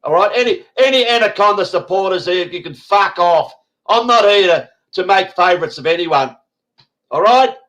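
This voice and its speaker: Blunt Australian man hosting, higher pitch. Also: animated, moderate pace, fairly bright tone, rough recording. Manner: blunt, swears freely, irritable asides. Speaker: host. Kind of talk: casual online roundtable chat.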